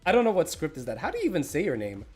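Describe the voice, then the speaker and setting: A man's voice: a little high, wildly swooping pitch, rapid-fire, a little mellow, faint music behind. A man streaming a game, chatting casually, greeting viewers by name and snacking as he talks. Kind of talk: casual livestream chat.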